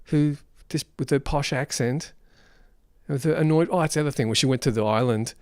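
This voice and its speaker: A man's voice: a little high, brisk, darkish tone, no room sound, studio quality. A man giving an unrehearsed film review, rambling and exasperated.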